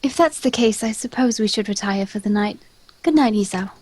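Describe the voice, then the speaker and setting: A woman reading a refined, gentle young lady. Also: medium pitch, brisk, husky, lightly acted. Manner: polite, calm and formal.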